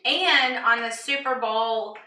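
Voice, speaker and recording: A woman with a Southern American accent co-hosts a live cocktail show from a roomy home kitchen, chatting casually, saying "y'all," and laughing often. Her voice is on the high side, slow, pushed and bright. The kitchen sounds echoey, with a distant mic and faint noise.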